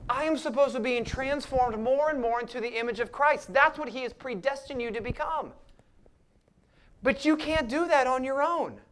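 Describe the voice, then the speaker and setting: A man preaching a sermon as pastor, dropping to hushed near-whispers and rising to loud emphatic passages, acting out the prayers and lines he quotes. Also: very high-pitched, normal speed. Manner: acts out quoted voices and prayers.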